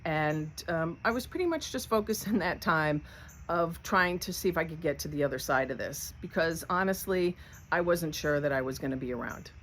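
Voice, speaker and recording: Woman, lowish voice, candid personal storytelling, faint background hiss. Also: fairly bright tone. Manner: candid, conversational, with light laughs. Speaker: cancer survivor sharing her story.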